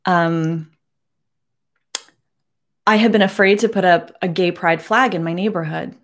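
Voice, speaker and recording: A woman in her forties speaking earnestly to camera from her home, emotional and holding back tears, with many halting restarts. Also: fairly low pitch. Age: 40s. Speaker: beauty vlogger. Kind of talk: personal address to camera.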